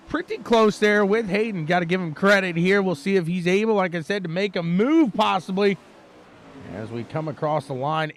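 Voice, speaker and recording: A man doing live race commentary, energetic and chatty, joking with viewers between calls of the action. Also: high voice, normal speed. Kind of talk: live sim racing commentary.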